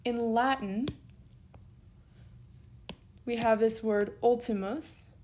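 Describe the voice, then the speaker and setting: A woman's voice: a little high, steady tone, slow pace, mellow, a little hiss or hum. A woman recording an online lesson, patiently spelling out letters one at a time as she explains. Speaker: teacher.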